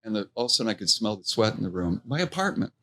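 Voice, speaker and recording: Low-voiced man telling lively anecdotes. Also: rapid-fire. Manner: animated anecdote-telling, acts out quotes. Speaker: restaurant co-owner, guest. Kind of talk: casual storytelling interview.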